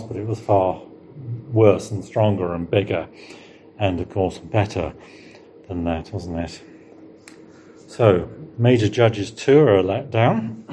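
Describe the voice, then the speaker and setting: A middle-aged man preaching a sermon, leaning on rhetorical questions and slowing down to stress key words. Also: on the low side, warm tone, a little hiss or hum. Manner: rhetorical questions, emphatic rises and slowed stresses.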